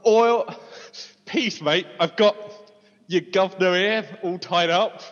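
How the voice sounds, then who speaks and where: A man's voice: high voice, slow. A man voicing a tough-guy crook in a put-on British accent that sounds like an American's idea of one, mock-polite and menacing. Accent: put-on British, as an American imagines it. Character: tough-guy male crook taking a hostage. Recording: dull roomy recording with long reverb.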